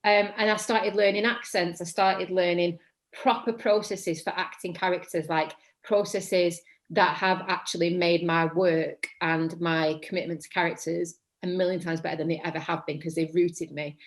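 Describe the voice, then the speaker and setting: Chatty Mancunian woman, lowish voice. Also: normal speed. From England. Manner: chatty, rambling, self-correcting; says her voice tends to be monotonous. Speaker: guest actor. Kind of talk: casual interview chat.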